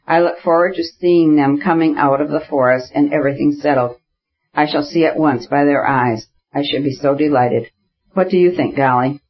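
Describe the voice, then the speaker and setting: Give me a man doing an excited young noblewoman, higher voice. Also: normal speed, lo-fi sound, close to an everyday voice. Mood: eager. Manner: eager, gushing.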